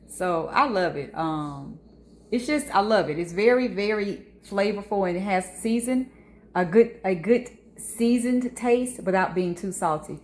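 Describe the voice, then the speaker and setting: A woman's voice: mid-range voice, animated, a little slow, a little mellow. A woman chatting casually to her viewers while she cooks in a home kitchen, filmed on a phone, with slangy asides. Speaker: cooking vlogger. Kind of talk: casual cooking vlog chat. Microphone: phone camera.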